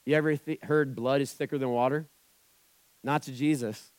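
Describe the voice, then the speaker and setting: A male pastor delivers a sermon in a loose, conversational way, slipping into quoted voices as he goes. His voice sits in a middle pitch. It is recorded close and dry, with no room echo. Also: steady tone, moderate pace, darkish tone.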